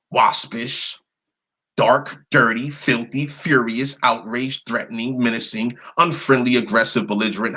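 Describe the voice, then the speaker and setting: Husky man reading out word lists. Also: medium pitch, bright, forceful tone. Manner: blunt, indignant remarks. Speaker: video host. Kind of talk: screen-share commentary reading from a list.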